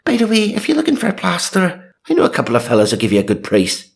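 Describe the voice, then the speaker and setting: Man doing a high, huffy priest with a botched accent, fast. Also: expressive. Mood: grave. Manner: high strained voice in a failed attempt at an accent. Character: solemn male priest warning of demons.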